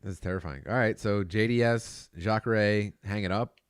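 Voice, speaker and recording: A man's voice: lowish voice, moderate pace, clean tone, dry recording, clean studio sound. A man co-hosting a casual podcast chat about fight videos, with crude jokey banter and frequent laughter. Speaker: podcast co-host.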